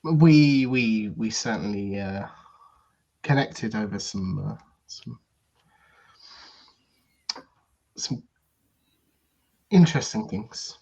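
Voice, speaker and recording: A man voicing a smooth, schmoozing French hotel guest in a put-on thick French accent, halting and overly polite. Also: lowish voice, a little mellow, highs cut off, heavily acted. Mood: courteous.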